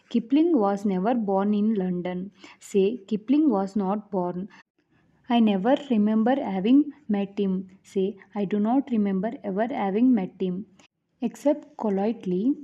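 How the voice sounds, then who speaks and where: A woman reading grammar rules aloud like an audiobook, in a measured way with the odd stumble and restart. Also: medium pitch, dark tone. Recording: dull lo-fi recording.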